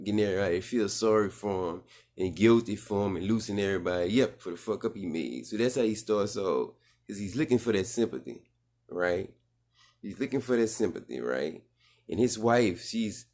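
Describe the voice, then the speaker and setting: A man with a New Orleans accent and a lowish voice reacts to a clip in casual commentary. He is blunt and sarcastic, with slangy repetition. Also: darkish tone.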